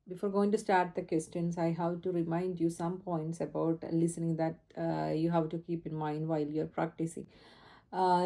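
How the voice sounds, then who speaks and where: A woman's voice: fairly low pitch, dark tone. A woman with an Indian accent explaining test practice in an earnest teaching manner, recorded on a phone camera. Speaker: English test trainer.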